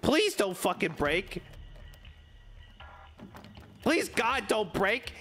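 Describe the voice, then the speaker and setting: A man's voice: high-pitched, very animated, drawn-out words, bright, forceful tone, soft background music. A man streaming a video game with casual, joking commentary and frequent swearing.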